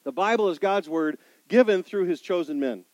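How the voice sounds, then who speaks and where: A man's voice: high voice, expressive, moderate pace, no echo. A man preaching a sermon as pastor, emphatic, repeating key points and asking his listeners questions.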